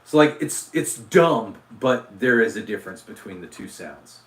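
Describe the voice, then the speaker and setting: A male livestream host chatting casually in a fairly low voice. He rambles and jokes at his own expense, with plenty of fillers and restarts. The sound is roomy, with a noticeable echo. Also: lively intonation, moderate pace, fairly bright tone, far from the mic, a little hiss or hum. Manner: rambling, filler-heavy, self-deprecating.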